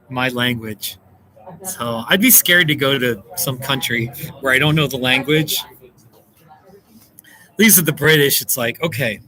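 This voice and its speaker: A man's voice: mid-range voice, pushed and bright, poor audio. An American man hosting a casual live stream, chatting and reacting to viewer comments with frequent laughs. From United States. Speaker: livestream host. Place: indoors, seated at a table.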